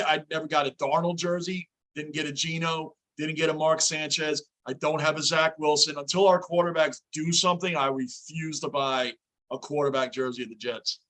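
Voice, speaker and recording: High, bright-voiced male fan host. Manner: animated, chatty, reads viewer comments aloud. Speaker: livestream host. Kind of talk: casual fan reaction chat.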